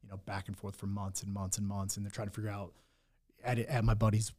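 A man's voice: on the low side, level tone, fast, darkish tone. A young man telling his own hard story in candid talk, blunt and full of swearing and restarts. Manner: raw, blunt, swears often, many restarts.

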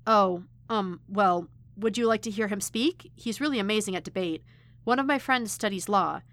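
A woman's voice: mid-range voice, moderate pace, a bit bright, dry recording, close to an everyday voice. A woman voicing a cheerful, awkwardly polite young male student helping with tech. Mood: eager. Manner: chirpy, eager, awkwardly polite.

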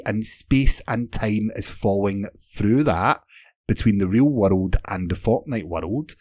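A man with a lowish voice, talking through theories and dry jokes on a casual podcast. The sound is dry and close, with little room around it. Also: darkish tone, no room sound. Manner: dry, joking, tells theories at length. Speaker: podcast co-host. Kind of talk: casual chat.

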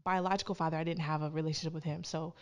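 Woman guest from canada, kinda low voice, tells stories and does everybody's voices. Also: racing. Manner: animated, acts out quoted voices. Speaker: podcast guest. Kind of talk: personal storytelling in casual chat.

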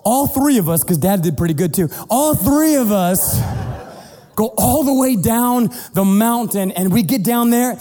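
A middle-aged man preaching as a pastor, telling a family story in an animated, playful way and acting out the voices. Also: high voice, a little slow. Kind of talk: sermon storytelling. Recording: long hall reverb with faint music.

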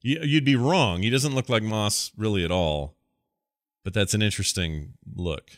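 A middle-aged man co-hosting a podcast, talking in a relaxed, rambling way with lots of fillers. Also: on the low side, moderate pace, dry recording, studio quality. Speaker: podcast co-host. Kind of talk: casual podcast chat.

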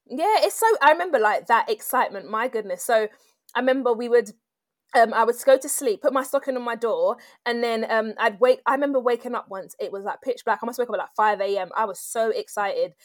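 A young woman, chatting excitedly and reacting quickly in casual talk. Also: a little high, no room sound, studio quality. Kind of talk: casual chat.

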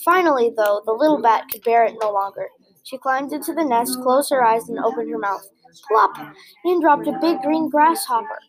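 A woman with a high, light voice reads a children's picture book aloud. Her telling is gentle and expressive, with the odd small slip. A crowd can be heard clearly in the background. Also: moderate pace, rough recording. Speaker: storybook reader.

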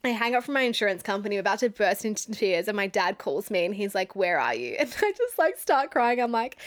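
A woman's voice: medium pitch, expressive, a little fast. A young Australian woman in her twenties hosting a podcast, telling a story in a chatty way, swearing freely and laughing often. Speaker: podcast host. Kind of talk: casual storytelling monologue.

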